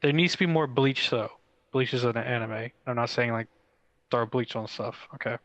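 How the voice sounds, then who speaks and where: Podcast co-host, male, excitable and rambly, close dry mic, no room sound. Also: mid-range voice, moderate pace, no echo, highs cut off. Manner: excitable, rambling with many "like" fillers. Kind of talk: casual chat.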